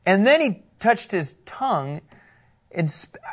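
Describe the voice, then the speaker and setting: A man teaching scripture to a live group in a casual, playful way, with quick asides and frequent laughter. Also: high-pitched, big pitch swings, a bit bright. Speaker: pastor teaching a Bible study.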